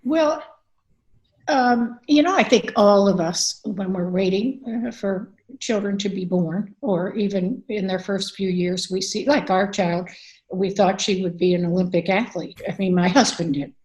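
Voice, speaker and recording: A woman's voice: medium pitch, unhurried, a little mellow, rough recording. An older woman, an author and advocate, telling a personal story candidly in a conversational interview, with frequent fillers.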